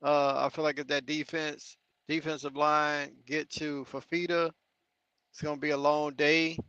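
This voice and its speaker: A man with a bright, crisp, flat-toned voice talks quickly and upbeat as a sports panelist. His remote audio sounds dry and a bit dull. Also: a little high, dry recording. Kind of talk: casual sports chat.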